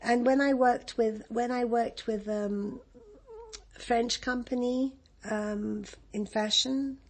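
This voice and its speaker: A woman's voice: fairly high pitch, fairly even intonation, slow pace. An older woman from Egypt with an English accent, reminiscing in an interview, rambling and laughing often with many restarts.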